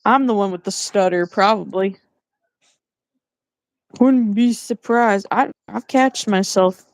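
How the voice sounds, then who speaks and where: A woman chatting casually on a home livestream, teasing her co-host and telling animated stories with frequent laughs. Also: medium pitch, slow pace, no room sound. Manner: teasing, animated storyteller who laughs often.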